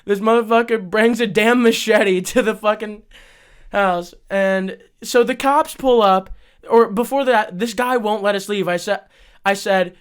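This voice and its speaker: A young man co-hosting a podcast, telling a story in casual chat, profane and excitable, laughing often. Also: high voice, measured pace, clean tone. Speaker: podcast co-host.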